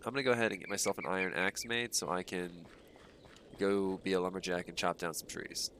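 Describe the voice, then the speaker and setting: Playing a game on stream, the young man talks briskly in a low-pitched voice, with a little hiss or hum. He's congested, relaxed and rambling, and his speech is scattered with ums and uhs.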